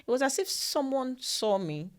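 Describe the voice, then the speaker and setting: A woman's voice: high-pitched, big pitch swings, moderate pace. A woman from Nigeria, co-hosting a podcast, tells a personal story in casual conversation, earnest and often repeating phrases for emphasis. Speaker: podcast co-host. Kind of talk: casual chat.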